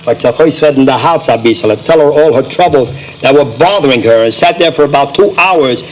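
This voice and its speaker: A man with a notably high voice spins Yiddish-flavored jokes in a folksy, storytelling way. He drops quickly into little character asides. The sound is an old record with a faint layer of noise. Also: low-quality recording. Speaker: stand-up comedian. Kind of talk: Yiddish-flavored joke telling.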